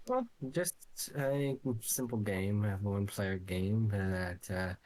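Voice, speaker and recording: A man playing a tabletop game, hesitant and soft-spoken with many fillers. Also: lowish voice, lively intonation, slow. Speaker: player.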